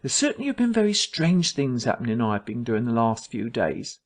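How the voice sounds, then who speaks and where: A man voicing an anxious, evasive country vicar in a story reading, hesitant and fastidious. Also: medium pitch, sing-song.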